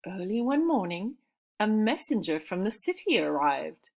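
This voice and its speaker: A woman reads a children's storybook aloud at an unhurried, gentle pace. Her delivery is calm and measured, with a middle pitch for a woman. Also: creaky.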